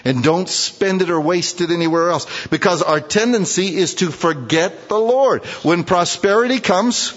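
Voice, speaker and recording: Pastor guy preaching, kinda high voice, acts out prayers all dramatic, big echoey church sound. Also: normal speed. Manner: animated preaching, acting out prayers with rising pitch. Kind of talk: sermon. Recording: muffled, with long hall reverb.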